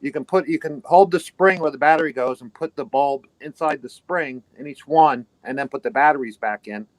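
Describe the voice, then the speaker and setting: A man's voice: on the high side, fairly quick, no echo, low-quality recording. A man with a New York accent, a guest on a casual chat, giving practical tips step by step.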